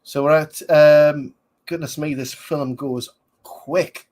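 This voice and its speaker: A man's voice: a little high, steady tone, slow, a little mellow. A man, rambling casually as a podcast host reviewing a film, with many fillers. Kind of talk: casual movie commentary.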